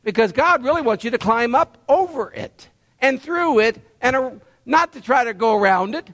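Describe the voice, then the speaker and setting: A man's voice: extremely high pitch, lively intonation, moderate pace, a bit bright. A man preaching a sermon, folksy and conversational, firing rhetorical questions at the congregation. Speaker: pastor.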